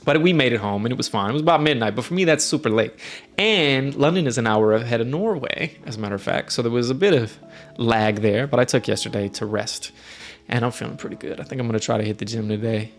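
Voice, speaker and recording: A man's voice: mid-range voice, fast talker, faint music behind. A man from the United States chatting casually, telling travel stories in a friendly, rambling way with plenty of fillers. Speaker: streamer host. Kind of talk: casual storytelling. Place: indoors, lives in Norway.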